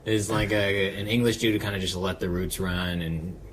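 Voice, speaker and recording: A man's voice: low voice, steady tone, moderate pace, fairly bright tone, a little hiss or hum. A young man co-hosting a podcast, joking crudely and laughing often in casual chat. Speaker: podcast co-host. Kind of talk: casual chat, comedy game.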